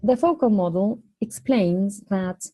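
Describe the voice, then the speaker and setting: A woman lecturing on phonology, explaining step by step in a measured way and posing questions to the class. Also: medium pitch, dark tone.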